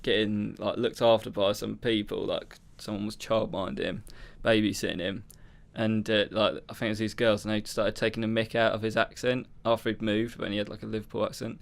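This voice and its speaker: A man's voice: fairly low pitch, level tone, brisk, vocal fry, few pauses. Chatty young English man. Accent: Southern English. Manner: chatty, rambling, slips into mock accents. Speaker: podcast co-host. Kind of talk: casual chat.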